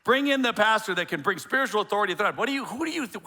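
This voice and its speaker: A man preaching a sermon, talking in a loose conversational way and breaking off into jokes and asides. His voice is high and bright with a keen edge. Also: animated. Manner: conversational and joking, with quick asides and many restarts. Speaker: pastor.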